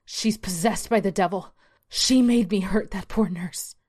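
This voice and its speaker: A woman reading a dark story aloud, voicing a frantic, paranoid woman having a breakdown with desperate pleading. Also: medium pitch, unhurried, lightly acted. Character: frantic deluded woman nurse, mid-breakdown.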